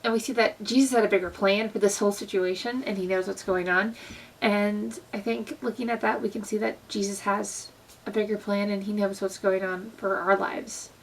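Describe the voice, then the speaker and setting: A woman's voice: mid-range voice, fairly even intonation, normal speed, distant mic, a little hiss or hum, rough recording. A young woman talking in a casual, earnest vlog style about faith, with plenty of fillers. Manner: earnest, conversational, many fillers. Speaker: Christian vlogger. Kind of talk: casual devotional vlog talk.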